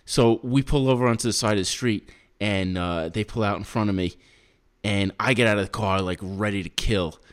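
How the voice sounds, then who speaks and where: A young man with a fairly low voice tells a story in easygoing podcast chat. He gets animated when he acts out his own past shouting. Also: moderate pace, clean tone. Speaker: podcast co-host.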